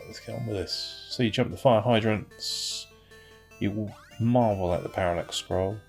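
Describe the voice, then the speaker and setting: A British man talks through a retro game as he plays it, grumbling and wry with dry little asides. His voice sits a bit low and has a gravelly, crackly edge. Game music plays faintly underneath. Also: unhurried. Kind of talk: casual gameplay commentary.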